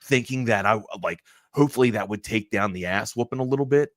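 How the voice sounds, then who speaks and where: A man hosting a sports talk show, telling a long personal story in a rambling, animated way full of restarts. He is from Maryland. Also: on the low side, fast, dry recording, clean studio sound. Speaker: sports talk radio host.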